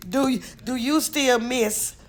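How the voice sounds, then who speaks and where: A woman's voice: fairly high pitch, takes it slowly, pitched above the performer's own voice. A woman mimicking a prying young woman who asks pointed questions in a sweetly insistent, innocent-sounding way.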